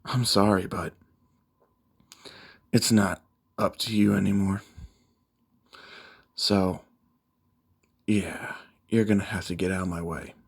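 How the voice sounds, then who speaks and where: Brief: enraged young hero demigod, bitter, vengeful, lowish voice, read by a man. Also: fairly even intonation, slow, long pauses, breathy edge, exaggerated voice. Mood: cold. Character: furious grieving young male demigod hero.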